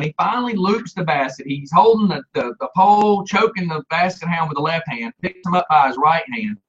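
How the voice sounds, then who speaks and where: A man tells a rowdy story in casual chat, high-pitched and bright-toned. He throws himself into the quoted voices and laughs often. The sound is dull and lo-fi. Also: breathy edge.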